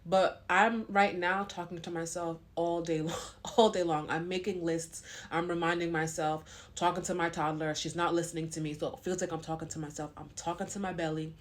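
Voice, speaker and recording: A woman's voice: on the low side, flat delivery, brisk. A pregnant young woman talking to camera in a casual vlog, frank and long-winded. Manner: blunt and frank. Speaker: vlogger.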